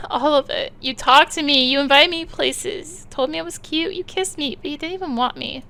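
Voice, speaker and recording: A woman's voice: high voice, moderate pace, creaky, bright, forceful tone, heavily acted. A woman playing a bitter heartbroken teenage girl. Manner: emotional, cutting, tearful.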